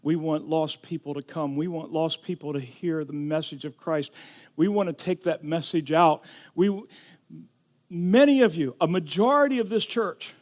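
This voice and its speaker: Pastor preaching with rising intensity. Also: male voice, on the high side, normal speed. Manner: storytelling, rising to shouting in emotional retelling. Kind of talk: sermon.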